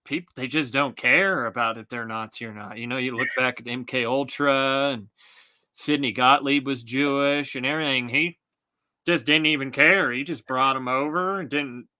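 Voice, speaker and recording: Male podcast guest, very bright, tense voice, halting delivery. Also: medium pitch. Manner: halting, with restarts. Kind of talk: casual chat.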